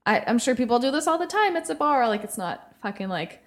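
A woman's voice: a little high, big pitch swings, fairly quick. A young woman co-hosting a podcast, telling a story in a rambling, casual way, full of "like" fillers and the odd swear. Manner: chatty, frequent "like" fillers, swears. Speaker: podcast co-host.

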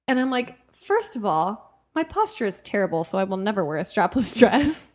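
A young woman in casual chat, telling a story with lively acted-out voices. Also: mid-range voice, unhurried. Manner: animated storyteller who acts out voices in her anecdotes.

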